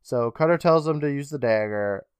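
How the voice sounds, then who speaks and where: A man's voice: medium pitch, normal speed, clear, resonant tone, dry recording. A young adult man co-hosting a podcast, recapping a TV episode in a wry, profane, casual way. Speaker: podcast co-host.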